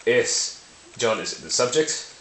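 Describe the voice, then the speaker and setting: A man hosting a language video explains ideas to camera casually and playfully, correcting himself and laughing at his slips. His mid-range voice is very animated, slow, and a bit bright. The camera mic gives a roomy sound with faint hiss.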